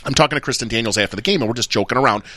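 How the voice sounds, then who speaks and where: A man hosting a casual podcast chat, telling stories quickly and acting out the dialogue. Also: mid-range voice, sharp tone, dry recording. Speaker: podcast host.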